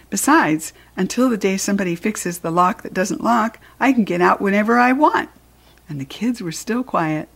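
Woman, storybook reader, gravelly, husky, playful and expressive. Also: medium pitch. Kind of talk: reading a children's book aloud.

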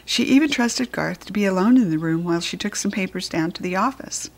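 A woman narrating a children's book aloud in an expressive, lively way. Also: medium pitch, a little fast. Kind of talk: read-aloud storytelling.

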